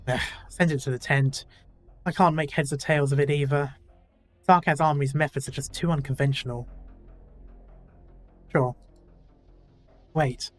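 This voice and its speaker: A male gaming YouTuber reading a game's story dialogue aloud in a casual way, with self-deprecating asides. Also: mid-range voice.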